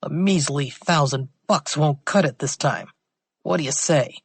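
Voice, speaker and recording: A woman's voice: low-pitched, a little slow, husky, no echo, exaggerated voice. A woman voicing a pushy, greedy male blackmailer in an audiobook thriller, talking in street slang. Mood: wheedling.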